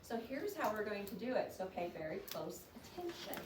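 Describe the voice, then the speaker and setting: Teacher in a roomy classroom. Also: female voice, medium pitch, fairly quick. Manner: expressive reader, coaxing questions to students. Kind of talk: classroom poetry reading and discussion. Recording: roomy classroom sound from a distant mic with noise.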